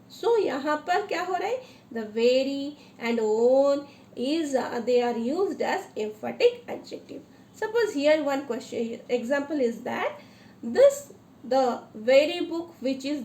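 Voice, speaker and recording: Brief: a woman Indian English grammar teacher, high voice, echoey room, drills examples with questions. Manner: questions the class, repeats examples with emphasis. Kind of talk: classroom lesson mixing English and Hindi.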